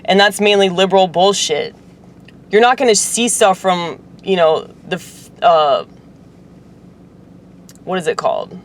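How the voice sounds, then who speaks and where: A woman vlogger rambles casually to camera for her viewers, swearing and packing her speech with fillers. Her voice is lowish, and she keeps a measured pace with long pauses.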